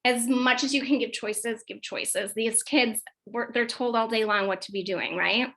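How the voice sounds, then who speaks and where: A woman clinical psychologist presents a workshop for parents in a relaxed, conversational way. Her voice sits a bit high and rings with a bright, forward edge. She is animated and keeps checking in with her listeners as she goes. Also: normal speed, hardly any pauses, poor audio.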